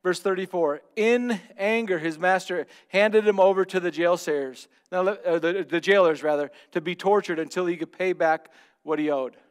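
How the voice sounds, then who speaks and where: A man preaching a sermon as pastor, speaking earnestly and directly to the congregation, swinging from loud emphatic bursts to hushed asides. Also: high-pitched, normal speed, smooth.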